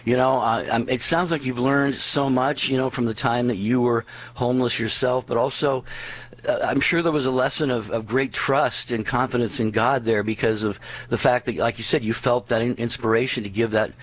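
A man's voice: mid-range voice, fairly even intonation, moderate pace, rough recording. A male radio host affirming and summing up a guest's story, with frequent fillers. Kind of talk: interview reflection.

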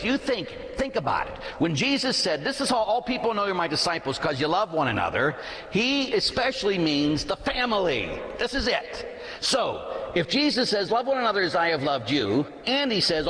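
A man preaching as the pastor of a church, talking casually and acting out the voices of people in his stories. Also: a little high. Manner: animated preaching, acts out quoted voices. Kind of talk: sermon. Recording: long reverb of a church hall.

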